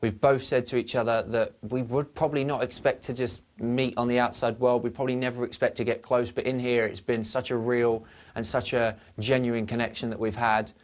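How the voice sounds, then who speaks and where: A young man in a reality-show diary room, speaking earnestly and warmly about fellow housemates. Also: medium pitch, level tone, a little fast, hardly any pauses. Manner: earnest and heartfelt.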